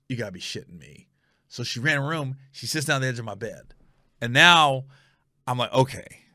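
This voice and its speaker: A middle-aged American man hosting a podcast, telling a story in a casual, animated way, acting out quotes and swearing freely. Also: fairly high pitch, no room sound, clean studio sound. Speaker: podcast host.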